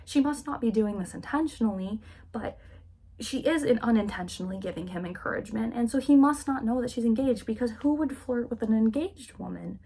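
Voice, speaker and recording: A woman voicing a naive, flustered young heroine, talking in an earnest, halting way while recapping a novel. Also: a little high, creaky, dark tone, husky. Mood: distressed. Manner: earnest, flustered, repeating herself.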